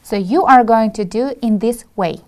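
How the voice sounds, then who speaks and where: A woman from Kyrgyzstan teaching an English lesson on a video, calmly listing vocabulary for her students one word at a time. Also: on the high side. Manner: slow, deliberate listing of words to students.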